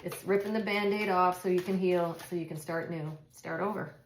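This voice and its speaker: A woman's voice: on the low side, fairly even intonation, moderate pace, slight background noise. A middle-aged woman doing a casual tarot reading, chatty and reassuring, thinking aloud with frequent restarts. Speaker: tarot reader. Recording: echoey room.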